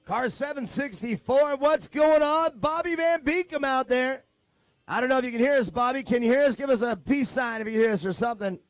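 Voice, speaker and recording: A man's voice: very high-pitched, a little fast, no room sound. A man from California announcing a live off-road race, joking and rambling in loose banter. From Modesto, California.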